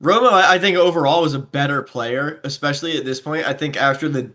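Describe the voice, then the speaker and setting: Relaxed man, bright hesitant delivery. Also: a little high, fast talker. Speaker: podcast co-host. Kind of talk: casual sports chat.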